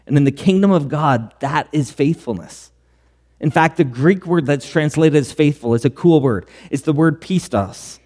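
A man's voice: fairly high pitch, moderate pace, a little mellow. Male pastor preaching in a reverberant hall. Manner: earnest preaching with rhetorical questions. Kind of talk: sermon.

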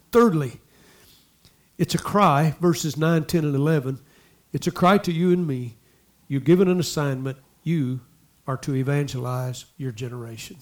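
A man preaching a sermon, talking to the congregation in asides and repeating lines as he builds to loud exhortation. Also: fairly high pitch, normal speed. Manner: impassioned, repetitive preaching that swells to loud exhortation. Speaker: pastor.

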